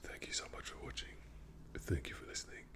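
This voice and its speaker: A man talking in a soft, hesitant ASMR whisper close to the mic, with many fillers and quiet laughs. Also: fairly quick. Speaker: ASMR creator. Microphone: close microphone.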